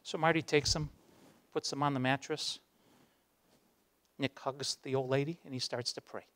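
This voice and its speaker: A man giving a motivational speech, telling a story and acting out its voices, dropping low for the dramatic moments. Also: fairly even intonation, normal speed, a bit bright. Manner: acts out the voices in his stories, drops low for dramatic moments. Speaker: guest speaker. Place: university lecture hall.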